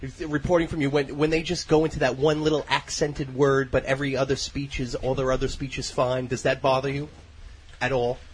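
A man's voice: mid-range voice, flat delivery, brisk, slight background noise, poor audio. A man co-hosting a casual talk show, needling a friend with questions. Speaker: podcast co-host. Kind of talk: casual banter.

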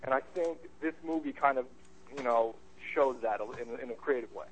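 A man co-hosting a casual movie chat show, enthusiastic and halting, often restarting his sentences. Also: mid-range voice, poor audio. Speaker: podcast co-host, movie reviewer.

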